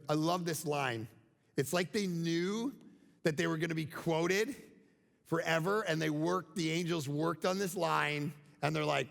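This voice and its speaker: A man preaching a sermon as pastor, animated, swinging from loud emphasis down to near-whispers. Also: fairly high pitch, unhurried, vocal fry, big-room sound.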